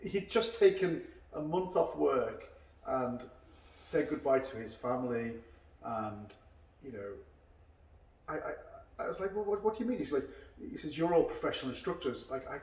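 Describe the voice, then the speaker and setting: A man hosts a relaxed chat over drinks and winds through long stories, voicing the people in them as he goes. His voice sits in the middle of the male range. It echoes around the room and sounds set back from the mic. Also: mid-range voice, normal speed, distant mic. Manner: long rambling anecdotes, acting out quoted dialogue. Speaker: karate instructor and podcast host. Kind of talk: casual chat over a beer.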